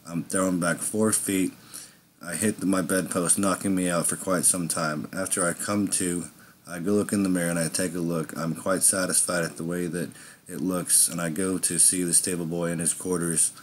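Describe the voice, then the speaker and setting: A man's voice: sits low, fairly even intonation, normal speed, slight background noise. A man telling an improvised first-person story in a rambling way, with slips and restarts.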